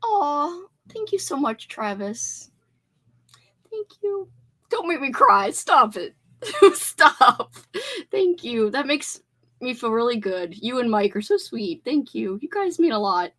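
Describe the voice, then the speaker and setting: Bubbly high-voiced woman hosting a livestream. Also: takes it slowly. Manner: bubbly, effusive, squeals with excitement. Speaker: livestream host. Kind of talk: casual livestream chat.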